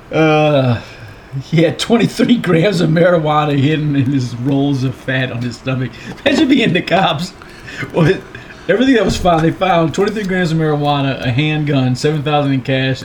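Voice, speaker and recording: A man's voice: a little high, moderate pace, slight background noise. A man co-hosting a casual talk show, reading odd news items in an easygoing way with chuckles. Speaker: podcast co-host.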